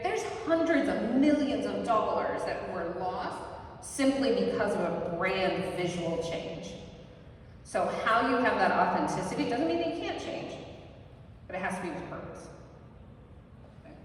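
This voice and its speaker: A woman giving a live workshop talk to an audience, energetic and often ending points with a quick "right?". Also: mid-range voice. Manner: energetic, ends points with tag questions. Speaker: workshop presenter. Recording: very echoey hall, mic far off, faint noise.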